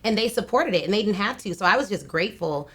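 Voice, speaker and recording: A woman in her thirties speaks as a podcast guest, recounting her working past with energy. She laughs often and talks in a relaxed, conversational way. Her voice sits at an ordinary middle pitch. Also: fast talker, slightly rough. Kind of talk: casual interview conversation.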